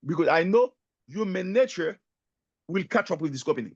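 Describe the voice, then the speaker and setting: A man speaking as an emphatic, animated guest speaker, his fairly high voice carrying a gravelly rasp. The sound is dry and close, though the audio comes across dull and lo-fi. He delivers a motivational sales talk with lively storytelling. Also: moderate pace, no echo. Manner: emphatic, animated storytelling, keeps addressing the host by name.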